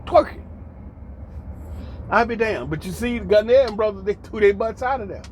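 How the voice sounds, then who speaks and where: A man's voice: high-pitched, fairly quick, darkish tone, a little hiss or hum. An American man hosting a monologue commentary, emphatic and preachy, repeating lines for effect with mocking asides. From United States. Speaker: commentary host.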